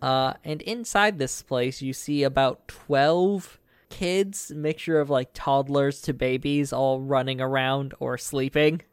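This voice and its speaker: A man narrating a tabletop game as game master, casual and halting, with lots of fillers. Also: mid-range voice, fairly even intonation, clean tone, no echo, studio quality.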